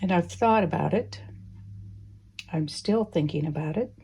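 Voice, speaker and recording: Lady talking thru her quilting real slow, husky kinda voice. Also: fairly low pitch. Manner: relaxed, thinking aloud, gentle asides. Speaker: quilting teacher. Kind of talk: casual sewing tutorial.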